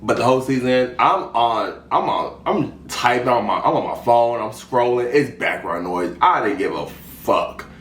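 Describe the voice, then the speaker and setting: A man giving casual, sassy reality TV commentary as a show host, with emphatic repetition and lively swings. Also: mid-range voice, normal speed, few pauses. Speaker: podcast host. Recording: roomy echo, distant mic, faint hum.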